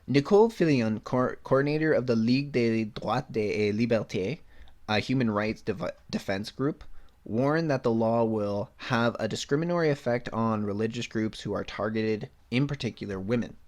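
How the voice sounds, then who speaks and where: Blunt, sarcastic podcast host. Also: male voice, medium pitch, normal speed, darkish tone. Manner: blunt, sarcastic, swears freely. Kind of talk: solo opinion podcast, reading news and ranting.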